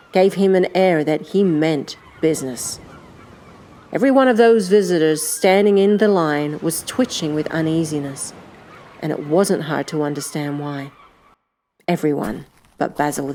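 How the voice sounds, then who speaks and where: A woman narrating an audiobook in a steady, measured storytelling manner. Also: fairly low pitch, slight background noise. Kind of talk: scripted narration.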